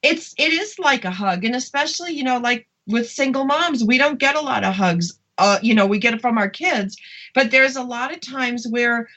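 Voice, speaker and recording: A woman's voice: fairly high pitch, animated, normal speed, a bit bright. A woman co-hosting a radio talk show, chatting in a gushing, casual way. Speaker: radio co-host. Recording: dull lo-fi sound.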